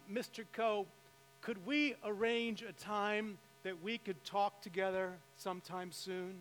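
A man's voice: high-pitched, fairly bright tone. A middle-aged man preaching a sermon as pastor, telling a story with emphatic rises in voice. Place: church sanctuary. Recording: reverberant hall with faint mains hum.

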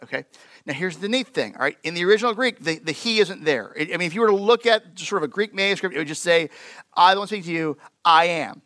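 A man preaching a sermon to his church in a conversational, animated way with lots of fillers. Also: high-pitched, quick pace, dry recording. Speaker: pastor.

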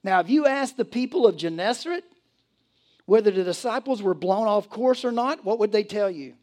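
A man's voice: high voice, expressive, normal speed, darkish tone. A male pastor delivering a sermon in a church, telling stories animatedly with laughs and acted asides.

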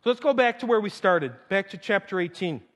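A man delivers a sermon in a church with a high voice that swoops up and down. He is playful and animated and acts out the scripture he reads. The voice rings with the long reverb of a large hall. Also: brisk. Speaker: pastor. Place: church sanctuary.

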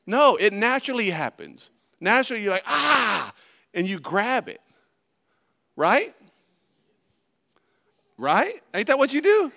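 A man preaching a sermon, folksy and animated, swinging between loud emphasis and hushed asides. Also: high voice, a little slow, pauses often. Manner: animated, folksy, acts out little voices. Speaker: pastor.

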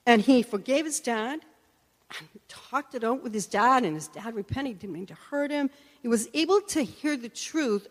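Woman preaching in an echoey hall. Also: fairly high pitch. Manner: earnest storytelling, acts out quoted voices. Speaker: Christian teacher and prayer minister. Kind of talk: sermon with personal stories. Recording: long echoey hall reverb.

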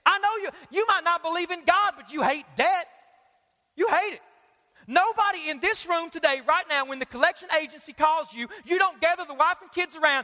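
A man preaching a sermon, energetic and joking, talking straight to the congregation. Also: extremely high pitch, fairly quick. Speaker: pastor. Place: large church auditorium. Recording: live sermon with long hall reverb.

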